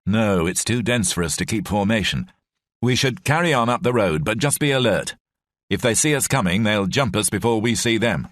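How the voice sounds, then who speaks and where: A male narrator voicing a young English army lieutenant, clipped and calm. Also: fairly low pitch, moderate pace, no echo, clean studio sound, voice pushed up. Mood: steady, commanding.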